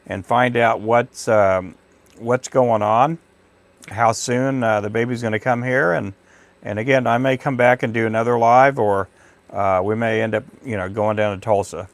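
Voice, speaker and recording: A man's voice: mid-range voice, dry recording. A middle-aged man from Texas hosting a casual livestream, rambling and chatty as he thanks viewers by name. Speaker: livestream host. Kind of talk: casual live chat with viewers.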